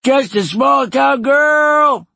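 Shrill shouting old men. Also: male voice, lively intonation, extremely slow, vocal fry, no room sound, exaggerated voice. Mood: rowdy. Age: older. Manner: shouting, high-pitched and cranky. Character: bunch of rowdy old men shouting song requests. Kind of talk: audiobook character voices.

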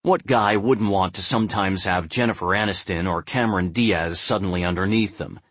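A young adult man narrating a first-person novel in a measured, brooding way. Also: sits low, fairly bright tone, no room sound. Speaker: audiobook narrator.

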